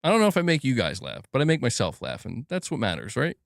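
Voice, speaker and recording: A man's voice: mid-range voice, huge pitch swings, quick pace, vocal fry, no echo, studio quality. A man streaming casually, joking around, swearing freely and laughing at his own jokes. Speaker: gaming news streamer. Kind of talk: casual live-stream chat.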